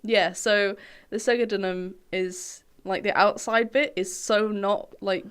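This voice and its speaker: A woman's voice: medium pitch, steady tone, measured pace, clear, resonant tone. A woman co-hosting a podcast, chatting in a laid-back way and laughing easily. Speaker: podcast co-host. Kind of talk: casual chat.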